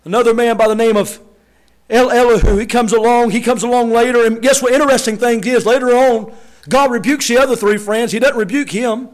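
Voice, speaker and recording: A man with a strikingly high voice preaches a sermon to his congregation. He acts out the lines of the people he quotes and raises his voice to a shout on key points. The delivery is animated throughout. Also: fairly quick. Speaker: pastor.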